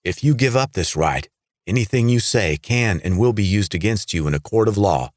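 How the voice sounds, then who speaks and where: A stern, growling police sergeant who gives orders flatly and expects them obeyed, as a male narrator plays him. His voice is deep and close. The sound is dry. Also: moderate pace, no room sound, natural voice. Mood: commanding. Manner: commanding, growling.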